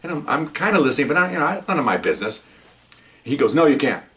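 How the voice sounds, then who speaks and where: Older man telling a rapid police story. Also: on the high side, very animated, sharp tone. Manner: rambling, with restarts and "okay?" asides. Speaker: veteran police officer. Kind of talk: casual storytelling.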